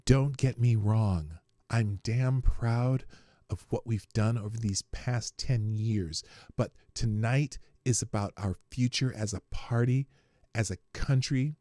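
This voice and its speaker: A man doing an impression of a male prime minister giving an earnest farewell speech, slow and emphatic. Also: medium pitch, mellow, dry recording, clean studio sound, voice pushed down, natural voice. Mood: solemn. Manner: slow, solemn, emphatic delivery.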